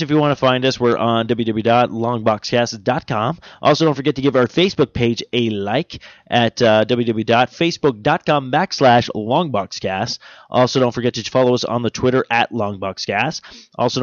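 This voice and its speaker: A man's voice: medium pitch, no room sound. Man, solo podcast host, rambling, self-deprecating, casual, dull dry sound.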